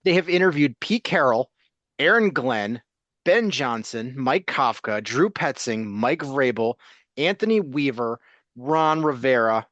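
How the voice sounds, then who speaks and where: A man co-hosting a sports talk podcast, speaking bluntly and casually, listing names in a steady run. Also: mid-range voice, a little slow, dry recording, highs cut off.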